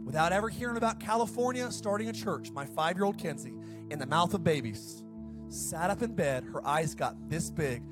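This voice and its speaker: Fired-up high-voiced male preacher. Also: expressive, normal speed, over music. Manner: fired-up, shouting preacher who swings down to soft storytelling. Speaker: pastor. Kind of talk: sermon.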